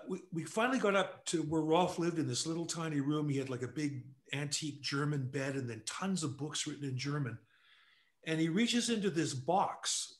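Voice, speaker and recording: An older man from Canada, a guest telling anecdotes casually, animated and quick to laugh. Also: a little high. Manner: animated storyteller who acts out quotes, laughs often. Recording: echoey room.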